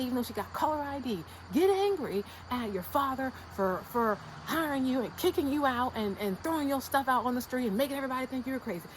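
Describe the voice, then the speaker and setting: A woman's voice: high voice, a little hiss or hum, rough recording. Fired-up slangy woman ranting to camera. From United States. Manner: emphatic, repetitive, slangy and blunt; fired-up and insistent. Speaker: YouTube creator. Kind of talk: casual motivational rant to camera.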